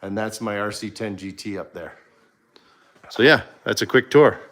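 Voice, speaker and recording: A man hosting a casual livestream, touring his home garage in a halting way, with many fillers and self-corrections. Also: on the low side, a bit bright. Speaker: livestream host.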